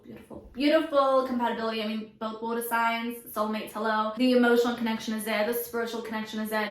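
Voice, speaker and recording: A woman hosting an astrology video, talking casually to the camera in a chatty, animated way with dramatic asides. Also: a little high. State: out of breath. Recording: echoey room.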